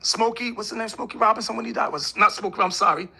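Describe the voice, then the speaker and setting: A man with a high, piercingly bright voice speaks with an emphatic, preachy drive. His tone carries a husky rasp as he lays out his views in an interview, now and then mimicking other voices. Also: quick pace. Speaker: religious leader. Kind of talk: interview talk.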